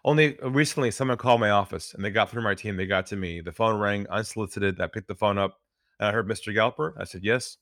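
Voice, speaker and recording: A man talking as a sales trainer in a podcast interview, earnest, telling stories and dropping his voice low to make a point. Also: quick pace, a bit bright, dry recording, clean studio sound.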